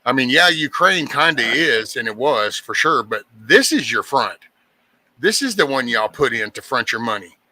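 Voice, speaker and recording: Guy hosting a chat, super bright sharp voice, rambles and swears. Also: mid-range voice, very animated, normal speed, no echo. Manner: rambling, restarts sentences, swears casually. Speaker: host. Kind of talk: casual chat.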